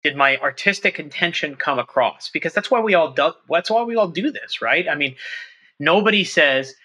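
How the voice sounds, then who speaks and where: A middle-aged man, a trumpet professor, talking through his ideas in an interview, animated and thinking aloud with quick restarts. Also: on the high side, poor audio. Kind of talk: conversational interview.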